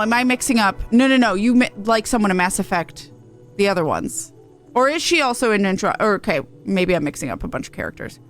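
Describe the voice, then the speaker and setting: A woman streaming a game, chatting casually in a rambling, self-correcting way and laughing easily. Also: medium pitch. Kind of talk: casual gameplay chat.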